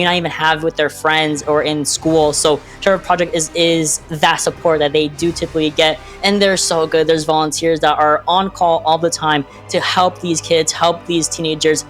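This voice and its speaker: An excitable esports caster, gushing through live game commentary with faint music behind. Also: medium pitch, moderate pace, few pauses.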